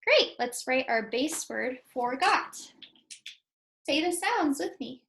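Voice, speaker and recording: Woman, elementary teacher, high voice, slow and patient, sounds out letters carefully. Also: big pitch swings, creaky, fairly bright tone, poor audio. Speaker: second grade teacher. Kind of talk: spelling lesson for young children.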